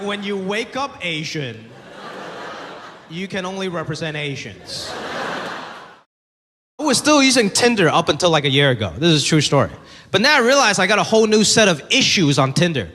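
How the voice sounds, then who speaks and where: A man in his thirties performs a stand-up comedy set, talking casually and slipping into the voices of the people he quotes. His voice sits high for a man. The live venue has long reverb, and audience noise is plain behind him. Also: big pitch swings, moderate pace, fairly bright tone. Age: 30s. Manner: conversational, acts out quoted voices.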